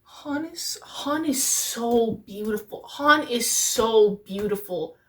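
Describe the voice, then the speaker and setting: A young woman hosting a reaction video, gushing in excitable, slangy exclamations as she reacts. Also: on the high side, slow. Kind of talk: excited casual reaction commentary. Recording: distant mic with music playing behind.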